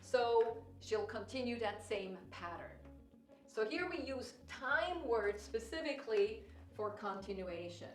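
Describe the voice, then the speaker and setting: A woman's voice: a little high, expressive, a little slow, roomy sound, far from the mic, soft background music. A woman test prep teacher walking through example sentences step by step and asking the viewer questions. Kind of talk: recorded lesson walkthrough.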